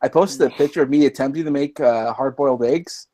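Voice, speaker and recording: A man's voice: mid-range voice, a little fast. Stammering man in casual chat. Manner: stammering, animated.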